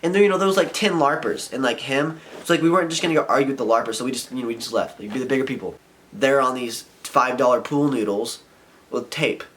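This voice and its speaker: Young male vlogger, mid-pitched, frustrated casual rant with lots of fillers. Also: quick pace, a bit bright, slight background noise. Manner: frustrated rambling, heavy filler "like". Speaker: vlogger and skater. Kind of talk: casual ranting vlog.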